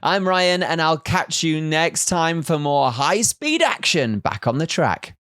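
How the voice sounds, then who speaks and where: Recap presenter, male, slightly high voice, dry sound, playful asides. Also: expressive, unhurried, fairly bright tone, smooth, dry recording. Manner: jokey, teasing asides. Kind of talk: scripted race recap.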